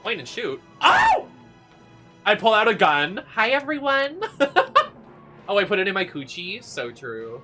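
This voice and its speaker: Game streamer, campy sassy banter, bright voice, lively swooping pitch, faint music behind. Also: fairly quick, hardly any pauses. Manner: loud gasps and squeals of delight. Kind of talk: live let's-play commentary.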